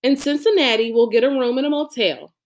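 A woman's voice: high-pitched, a little fast, pitched above the performer's own voice, lightly acted. A woman reading an audiobook, voicing a mother who reads out a careful family trip plan in an orderly way. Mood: instructive. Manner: methodical, orderly.

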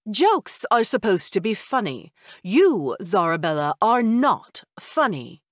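A woman's voice: medium pitch, big pitch swings, takes it slowly, no echo, studio quality. A woman voicing a proud, touchy vampire mother, speaking curtly and indignantly in an audiobook. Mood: wounded, cutting. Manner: curt, indignant. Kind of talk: audiobook character voice.

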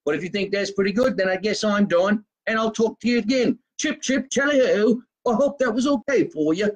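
A man putting on a mock British accent to play a comic posh gentleman, in a hammy, exaggerated, sing-song way, recorded in a home basement. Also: sits high, fairly quick, pitched above the performer's own voice, poor audio.

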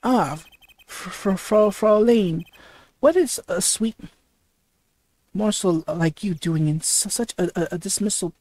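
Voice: medium pitch, slow, a little mellow, no echo. A reader doing a suave flirtatious rock-star prosecutor. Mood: flirting. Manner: suave, heavy stammering while reading.

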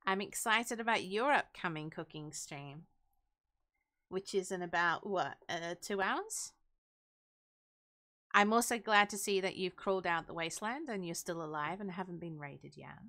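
Chatty, giggly woman with a bright voice. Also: on the low side, normal speed. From Great Britain. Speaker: stream co-host. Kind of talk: casual live-stream chat.

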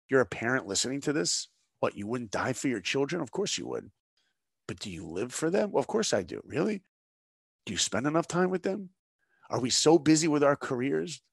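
This is a middle-aged man sharing stories as a guest in conversation. He has a gravelly, mid-range voice and speaks with earnest, preacher-like conviction, often pausing on rhetorical questions. The sound is close and dry, with no room behind it. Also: mid-range voice, no room sound. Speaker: guest, animation director. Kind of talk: dramatic storytelling in conversation.

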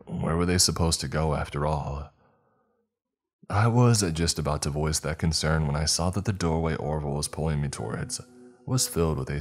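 A man narrates a horror story in a measured, steady way. His voice is extremely deep, and soft music plays faintly beneath him. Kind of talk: scripted narration.

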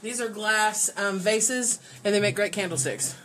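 A woman's voice: mid-range voice, measured pace. A woman giving a chatty, joking live demonstration of painting furniture. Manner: bubbly, joking, teasing. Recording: loud fan and air conditioning noise.

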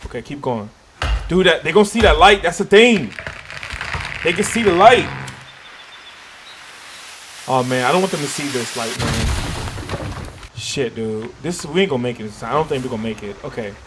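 A man's voice: medium pitch, expressive, moderate pace, pauses often, a bit bright, slight background noise. A man giving let's-play commentary on a survival game, jumpy and swearing, talking to himself as he goes. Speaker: gaming YouTuber.

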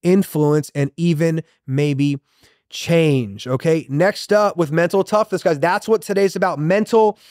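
Male motivational host, thirties, high-pitched and punchy, dry close-mic sound. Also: unhurried, a little mellow, no room sound. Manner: emphatic, punchy preaching with repeated catchphrases. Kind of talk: motivational monologue.

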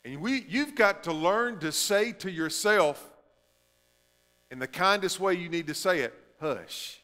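A male pastor preaching a sermon, shifting between emphatic stretches and hushed, drawn-out phrases. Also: high voice, expressive, big-room sound.

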